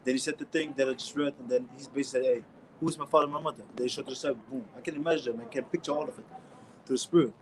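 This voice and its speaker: A man with a German accent teaching scripture in a casual, slangy way, restarting often and reading verses out louder. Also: medium pitch, steady tone, rapid-fire, background noise. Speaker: street preacher.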